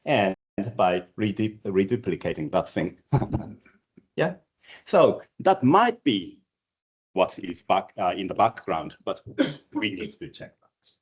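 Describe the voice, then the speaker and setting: A man's voice: on the low side, breathy edge. A man whose first language is Japanese, co-presenting an academic talk in English with hesitant fillers. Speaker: conference co-presenter.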